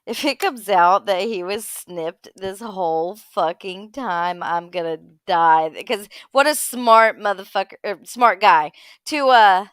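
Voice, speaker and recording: A woman's voice: mid-range voice, slow, fairly bright tone, clean tone, dry recording. A woman co-hosting a livestream, giving gossipy, sarcastic commentary in casual chat. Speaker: livestream co-host.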